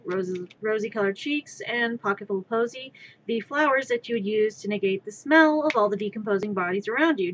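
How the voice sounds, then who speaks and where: Heard on a lo-fi recording with a little hiss or hum, a woman with a fairly high voice chats as she crafts on stream. Her talk rambles, she's wry and blunt, swears freely, and occasionally bursts out loudly.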